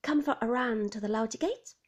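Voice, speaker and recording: A woman reading the lines of a teasing, flirtatious man in a story, speaking loudly. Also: a little high, normal speed, natural voice. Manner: teasing and loud. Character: cheeky, flirtatious man in sports car.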